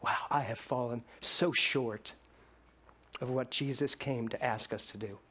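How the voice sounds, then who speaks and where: A man preaching a sermon to a congregation, swinging between loud emphatic lines and hushed ones. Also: medium pitch, steady tone, unhurried, slightly rough. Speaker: minister.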